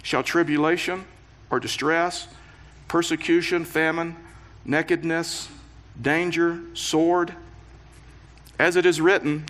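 A man preaches to his congregation, reading scripture aloud and then unpacking it with earnest, building emphasis. His voice is fairly high and forcefully bright, and he breaks in with light joking asides between the serious points. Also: fairly even intonation, takes it slowly, long pauses. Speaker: pastor. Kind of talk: sermon.

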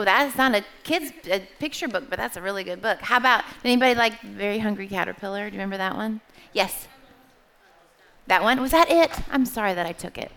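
A middle-aged woman with a voice on the high side gives a church testimony talk as a small group leader. She is chatty and animated and asks her audience questions.

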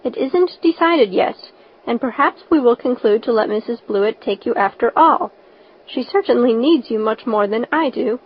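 A woman voicing a stern, practical older woman who speaks in a brisk, scolding way. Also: fairly high pitch, lively intonation, slightly rough. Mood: severe. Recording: dull lo-fi recording.

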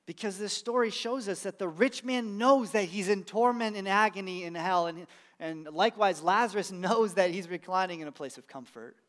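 A man's voice: high-pitched, normal speed, a bit bright. A man, a pastor, preaching a sermon in a conversational, emphatic way with casual asides.

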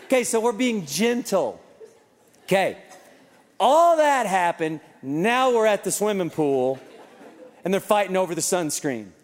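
A man's voice: sits high, very animated, measured pace, pauses often. A man preaching a sermon, telling a family story with joking asides. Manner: humorous storytelling. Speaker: pastor. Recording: long reverb in a large hall.

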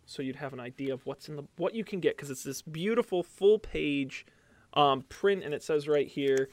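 A man's voice: a little high, normal speed. A man hosting a podcast, wrapping up with an upbeat, chatty recommendation full of fillers and restarts. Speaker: podcast host. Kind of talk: casual podcast chat.

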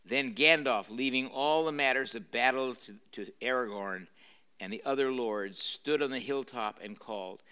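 A man's voice: medium pitch, normal speed, bright, forceful tone, smooth. An older man, a pastor, reading a novel aloud to a live audience in a university room and stopping to explain, with dramatic emphasis and frequent fillers and restarts. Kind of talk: live lecture reading with commentary.

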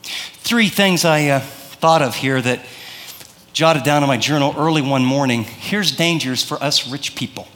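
A man's voice: a little high, bright, forceful tone, long reverb tail. A man preaching a sermon in a conversational way, acting out prayers and telling stories. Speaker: pastor.

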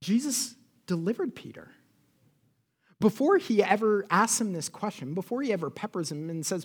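A man's voice: sits high, expressive, moderate pace, slightly rough. A man preaching a sermon as a pastor. He speaks animatedly, asks the congregation questions and acts out the quotes he reads.

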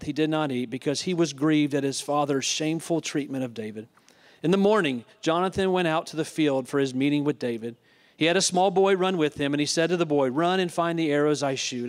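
Male pastor, fairly high voice, preaching a sermon that mixes reading with plain retelling. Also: fairly quick. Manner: retells scripture with asides.

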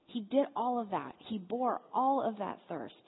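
A woman's voice: mid-range voice, unhurried, slightly rough. Woman preaching in an echoing hall. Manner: lively storyteller acting out dialogue. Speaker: speaker at a church Lent series. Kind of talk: storytelling sermon. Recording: phone-like sound in a big reverberant hall.

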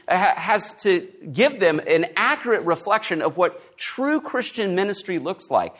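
A man preaching an expository sermon as pastor, with emphatic stresses. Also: a little high.

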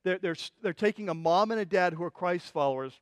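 A man pastor preaching a sermon, retelling scripture as a vivid, passionate story with quick restarts. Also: high voice, clear, resonant tone, no room sound.

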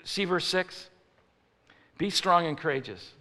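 A man from Chicago preaching a sermon, telling a comic story in an animated way that rises into mock outrage. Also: fairly high pitch, normal speed, big-room sound.

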